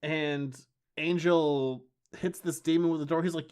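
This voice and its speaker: A man's voice: fairly high pitch, fairly even intonation, a little mellow, clear, resonant tone. A man co-hosting a casual chat podcast, recapping comics with wry, enthusiastic asides. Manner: enthusiastic, wry, acts out lines in quick bursts. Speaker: podcast co-host.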